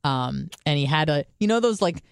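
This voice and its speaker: A woman's voice: deep voice, moderate pace, vocal fry, clean tone, dry recording, clean studio sound. A woman co-hosting a podcast, telling a story in casual comedic style, swearing freely and acting out both sides of the dialogue. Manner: animated, profane, acts out both sides of dialogue. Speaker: podcast co-host.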